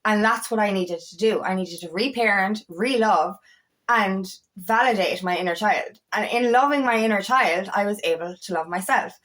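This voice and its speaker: A woman coach talking through self-love in a casual, heartfelt monologue, swearing freely and repeating words as she searches for them. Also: moderate pace. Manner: swings between high fervent peaks and low quiet asides.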